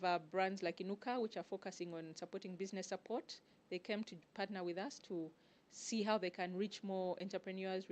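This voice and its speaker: Woman, interview guest, measured, explanatory, mid pitch. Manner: measured, explanatory, pauses often to find words. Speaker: guest, networking group organizer. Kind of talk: interview answers.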